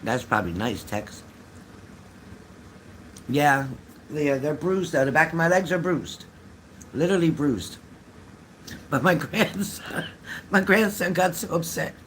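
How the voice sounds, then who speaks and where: An older man chats on a home livestream in a somewhat high voice. He rambles and repeats phrases, laughing often as he tells his stories. A faint hum of noise sits under his webcam sound. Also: expressive, unhurried, long pauses, fairly bright tone. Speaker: livestream host. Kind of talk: casual livestream chat. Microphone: phone or webcam.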